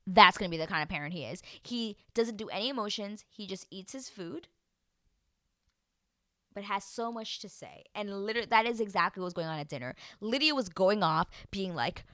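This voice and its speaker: This woman hosts reality TV recaps, chatting in an animated vlog style and performing show quotes in put-on voices. She speaks briskly at a medium pitch, and the recording is dry.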